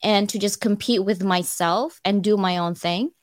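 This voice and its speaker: A middle-aged woman tells her own story at an online audio event, candid and animated, her voice often pitched between laughter and tears. Her pitch sits in a middle range. The sound is dry and close, with no room around it. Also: normal speed, no echo. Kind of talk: emotional personal storytelling.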